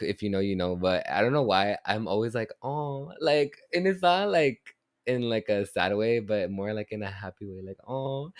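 A man's voice: low-pitched, no room sound, studio quality. A young man from the United States touches, hosting a solo podcast in a rambling, affectionate, filler-heavy way. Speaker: podcast host. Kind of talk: casual solo podcast chat.

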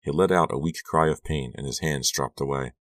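A man narrating a horror audiobook in a measured, tense reading. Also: extremely low pitch, a bit bright, no room sound.

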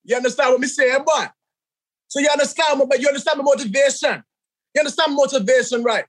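A man doing an exaggerated Jamaican accent as a money-hungry, boastful showman who shouts and drags out his words. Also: extremely high pitch, fast, voice pushed up. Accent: Jamaican, put on.

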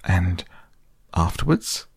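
A man's voice: low-pitched, normal speed, a little mellow, no echo, studio quality. A man voicing a very small, timid male piglet who talks nervously, in a storybook reading. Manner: nervous and fidgety.

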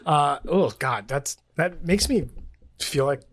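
A man's voice: a little high, lively intonation, slow pace. A man from the United States co-hosting a podcast in casual chat, rambling and laughing often. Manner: rambling, restarts, laughs a lot. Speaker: podcast co-host.

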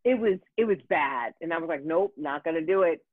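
A woman telling a story in casual talk, animated and profane, with many fillers and restarts. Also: sits low, fairly quick, no echo. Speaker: guest. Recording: tinny phone-like dry sound.

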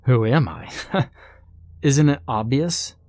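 A man's voice: medium pitch, slow pace, darkish tone, dry recording, pitched above the performer's own voice, natural voice. A man voicing a grinning, sinister male doppelganger who calls himself God, speaking in a smug, mocking, commanding way.

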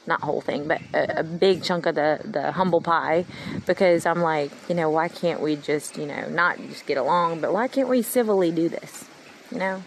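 Gravelly woman rambling earnestly. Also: deep voice, moderate pace, slight background noise, rough recording. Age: 30s. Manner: meandering, earnest, heartfelt. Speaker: vlogger. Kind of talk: rambling personal monologue.

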